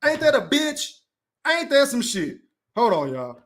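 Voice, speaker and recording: Podcast guy going off on stream, cussing, shouting out donors, voice jumps high and low, aave. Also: unhurried. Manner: profane, animated, hypes donations with shout-outs. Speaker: podcast host. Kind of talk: livestream podcast rant.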